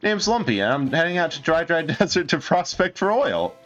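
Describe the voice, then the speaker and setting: A man doing a squeaky, excited prospector hustler. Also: highs cut off. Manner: excitable, fast salesman pitch. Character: eager young male get-rich-quick prospector.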